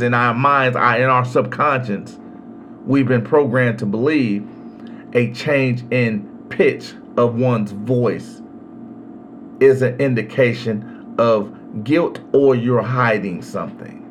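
A man hosting a podcast, giving a slow, emphatic solo commentary on legal rights with long pauses. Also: mid-range voice, fairly bright tone, a little hiss or hum. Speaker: podcast host.

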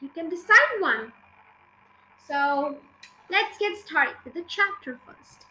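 A woman's voice: sits high, expressive, slow pace, bright, forceful tone, a little hiss or hum, rough recording. A woman hosting a podcast, chatting cheerfully with listeners and narrating a children's storybook. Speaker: podcast host reading a children's book.

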